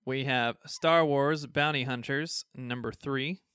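A man hosts a casual podcast, reading off a list of releases and cracking jokes between items. His voice is bright and smooth, recorded close and dry, with no room around it. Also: mid-range voice, slow pace, no echo. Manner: reads a list of comic releases, joking. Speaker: podcast co-host.

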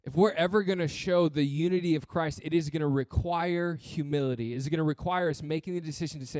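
A man's voice: on the high side, quick pace, hardly any pauses, a little mellow, no room sound, clean studio sound. A man preaching a sermon as pastor, earnest and blunt, with touches of humor and repeated phrases.

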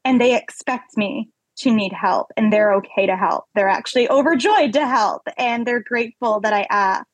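A young woman with a fairly high, slightly husky voice speaks as a guest in a podcast interview. She tells her personal story candidly and with animation, and the recording is dry and close. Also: moderate pace, no echo, low-quality recording.

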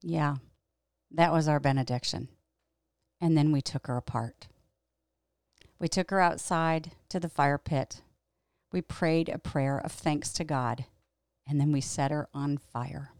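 Low gravelly middle-aged woman storyteller. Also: unhurried, long pauses, a little mellow, no room sound, studio quality. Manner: reflective, earnest, candid. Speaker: podcast host and Bible teacher. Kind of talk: personal storytelling monologue.

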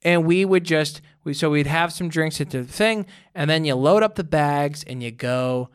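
A man's voice: a little high, normal speed, smooth. A young man telling a rambling college story in casual chat, full of "like" and acted-out dialogue. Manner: rambling, animated storyteller with lots of "like".

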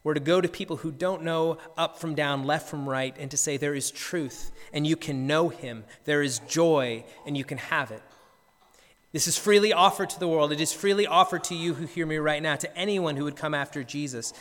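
Brief: male pastor, fairly high voice, earnest sermon storytelling, long church reverb. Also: normal speed, a bit bright. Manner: earnest storytelling with frequent word repeats. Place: church sanctuary.

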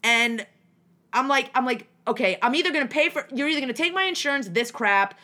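A young woman from New Jersey tells a long story in casual conversation, her voice bright and a little high. She rambles and restarts, swears freely, and acts out the people in her story with lively shifts. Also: brisk. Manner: animated, profane, rambling with many restarts and acted-out quotes.

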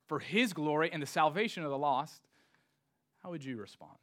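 A man's voice: on the high side, lively intonation, moderate pace, pauses often, a bit bright. A man preaching a sermon to his congregation, reading scripture and rising to emphatic rhetorical questions. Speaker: pastor.

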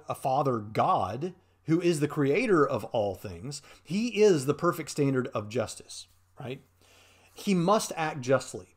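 A man hosting a show, commenting casually on a played clip in an earnest, argumentative way, thinking aloud as he goes. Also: a little high. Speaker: host.

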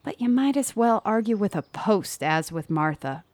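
A woman's voice: mid-range voice, lively intonation, moderate pace, darkish tone, no echo, natural voice. A woman voicing a kindly, small, older spinster who speaks amiably and reassuringly.

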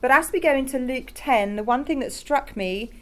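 A woman's voice: high voice, normal speed, a bit bright. Enthusiastic woman preaching a sermon. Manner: conversational and enthusiastic, addresses the congregation directly. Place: church in Rotterdam.

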